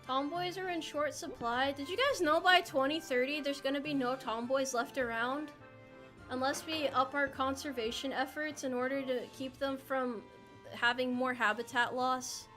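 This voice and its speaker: A young American woman with a high, bright voice chats playfully with her stream audience while she plays. She rambles and jokes, answering chat as she goes. Faint music runs quietly behind her. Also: fairly even intonation, moderate pace. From United States. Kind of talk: casual live-stream chat while gaming.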